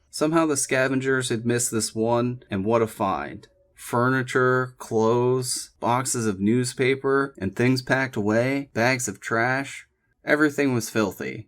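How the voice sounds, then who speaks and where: A man narrating a novel chapter in a calm, measured reading voice. His pitch sits in an ordinary middle range, and he keeps an unhurried storytelling pace throughout. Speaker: audiobook narrator. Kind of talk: scripted narration.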